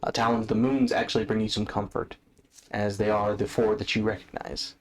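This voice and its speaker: A man's voice: fairly low pitch, flat delivery, brisk. A man narrating a tabletop game as game master, casual and swearing freely.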